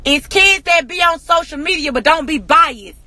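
A woman in an angry, profane rant to camera, hammering rhetorical questions and often shouting. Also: high voice, animated, moderate pace. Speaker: social media personality.

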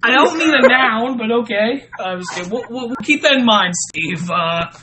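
A man's voice: extremely high pitch, animated, normal speed, pushed and bright, poor audio. Giggly, stammering male stream host. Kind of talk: casual live-stream chat, reading Mad Libs.

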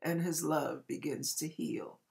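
Slow, low-voiced woman giving a tender testimony. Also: gravelly. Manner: earnest and tender, with emotional swells and soft trailing endings. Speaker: ministry speaker sharing a testimony. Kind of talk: heartfelt personal testimony.

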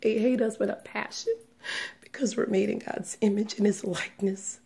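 A woman giving a personal religious testimony, speaking in a hushed, trembling way that often sinks into a whisper, close to tears. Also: mid-range voice, fairly even intonation, moderate pace, gravelly. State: tearful, on the verge of crying.

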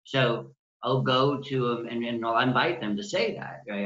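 Bright-voiced man in an echoey room. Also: medium pitch, moderate pace, dull audio, slight background noise. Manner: gentle, compassionate, acts out inner dialogue. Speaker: guest, healing practitioner. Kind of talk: interview, conversational.

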